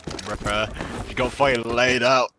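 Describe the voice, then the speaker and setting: A man's voice: medium pitch, fairly even intonation, slow pace, bright, forceful tone, a little hiss or hum. A man in game voice chat, throwing crude insults at a rival player. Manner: crude, insulting trash talk.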